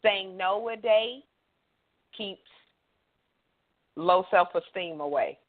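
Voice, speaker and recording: A woman's voice: medium pitch, slow. A woman from Louisiana with a Louisiana accent, hosting a casual call-in radio talk show in a chatty, affirming way. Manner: affirming, chatty, lots of mm-hmms. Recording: tinny phone line.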